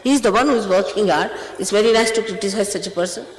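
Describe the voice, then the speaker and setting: A woman's voice: mid-range voice, fast talker, a little hiss or hum. A woman, a spiritual teacher sternly admonishing her followers in a spiritual talk. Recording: echoey hall recording.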